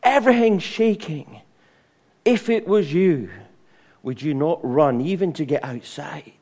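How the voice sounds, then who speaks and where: Middle-aged male preacher, animated storyteller, a touch high-pitched. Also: unhurried. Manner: animated, acts out voices, sings hymn lines. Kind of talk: sermon.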